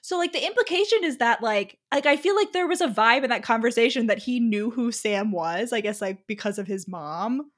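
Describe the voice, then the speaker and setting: Animated young woman, lively pitch. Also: fairly quick, hardly any pauses. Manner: animated, laughs, quotes characters. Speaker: podcast co-host. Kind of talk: casual chat recapping a book.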